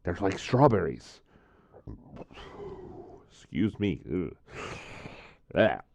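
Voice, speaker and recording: A man's voice: sits low, very animated, extremely slow, vocal fry, darkish tone. A man vlogging casually, tasting drinks and telling a story, rambling with lots of fillers.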